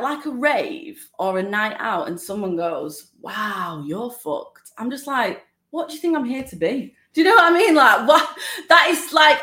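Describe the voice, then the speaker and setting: A woman from Manchester with a Mancunian accent, co-hosting a podcast in blunt, animated casual chat. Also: a little high, reverberant. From Manchester, England. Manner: chatty, blunt and animated, lots of "like". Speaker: podcast co-host.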